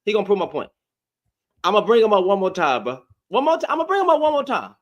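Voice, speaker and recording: A man's voice: sits high, big pitch swings, quick pace. A man hosting a live audio debate, arguing heatedly and repeating his phrases over and over. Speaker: host.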